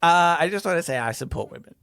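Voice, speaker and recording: A man co-hosting a podcast in casual chat, telling stories haltingly and laughing often. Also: on the high side, animated, vocal fry, fairly bright tone, no room sound, clean studio sound. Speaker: podcast co-host.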